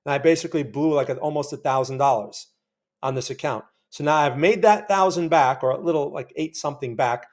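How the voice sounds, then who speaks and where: A man with a slightly higher-pitched voice hosts a live trading session. He talks casually and often asks his viewers to remember earlier trades. He gets worked up and talks straight at the price chart as he trades. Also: a little fast. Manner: chatty, keeps asking viewers to remember. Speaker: trading channel host. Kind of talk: live day-trading commentary.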